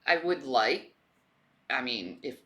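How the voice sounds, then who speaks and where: Lively, bright-voiced woman chatting. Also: a bass voice, slow pace. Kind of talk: casual chat.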